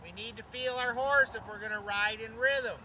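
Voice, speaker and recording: A man's voice: extremely high pitch, steady tone, normal speed, sharp tone, a little hiss or hum. A man teaching horse riding while on horseback outdoors, counting strides aloud and checking in with his listeners. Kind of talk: instructional talk while riding.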